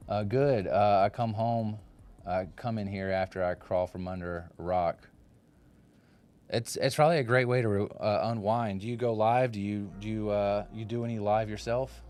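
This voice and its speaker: Streaming his carving from a home workshop on a propped-up phone, a man in his forties banters casually with viewers, rambling, joking and replying to comments. His lowish voice is steady, darkish, clear and resonant, at a moderate pace.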